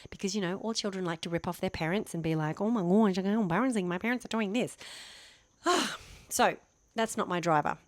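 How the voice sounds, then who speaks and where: A woman's voice: low-pitched, no room sound. A woman in her fifties talking casually to camera, chatty and self-deprecating, rambling with restarts. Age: 50s. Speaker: vlogger.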